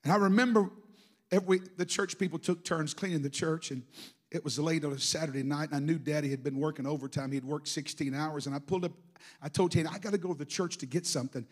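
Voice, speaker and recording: A middle-aged man preaching a sermon, telling emotional stories that swing from hushed to shouting. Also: a little high, quick pace. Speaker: pastor.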